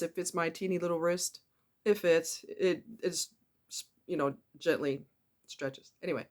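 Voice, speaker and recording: A woman giving a casual monologue about relationships, emphatic and animated, repeating words for effect. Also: mid-range voice. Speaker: relationship commentator.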